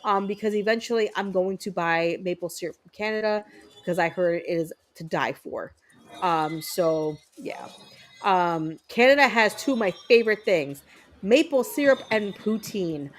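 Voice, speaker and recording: Heard through a low-quality recording, this woman's mid-range voice moves at a moderate pace. She's a streamer gaming and chatting casually with viewers, upbeat and saying "um" a lot.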